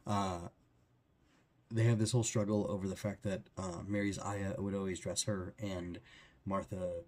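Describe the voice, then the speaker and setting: A man's voice: sits low, flat delivery, a little slow, darkish tone. A man talking through a book chapter in a loose, rambling way, with many fillers and restarts. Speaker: book reviewer. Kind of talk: casual book discussion.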